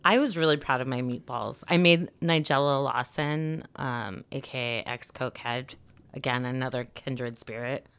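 A woman's voice: rumbling low, moderate pace, a bit bright, clear, resonant tone. A woman co-hosting a podcast, chatting wryly and explaining topics in a casual way. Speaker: podcast co-host. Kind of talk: casual chat.

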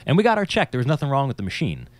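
This man, a musician, talks at a racing pace in a medium-pitched, slightly nasal voice. He's an animated storyteller who swears freely while chatting casually on a podcast.

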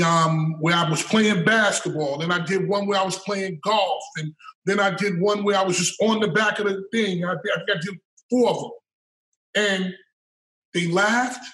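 A middle-aged man with a high voice tells a story in a loose, animated way. He curses freely and repeats words as he builds toward the point. He is recorded from a distance, in a room with a lot of echo. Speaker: storyteller guest. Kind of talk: casual storytelling. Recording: roomy sound from a distant mic.

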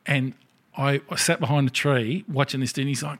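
A man chatting casually on a podcast, voice sitting in a middle register. He spins gaming anecdotes with plenty of swearing. He throws in quick impressions of the people he's talking about. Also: medium pitch. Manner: animated storyteller who acts out other people's lines, swears freely. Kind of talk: casual chat.

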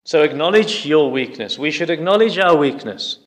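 A man's voice: on the high side, lively intonation, moderate pace. Earnest man preaching. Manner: earnest, explanatory, emphatic. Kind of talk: sermon.

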